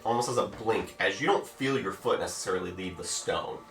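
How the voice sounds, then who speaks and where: A man narrating a tabletop game as game master, with slow, drawn-out storytelling. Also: on the low side, a bit bright. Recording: roomy, far from the mic, music behind.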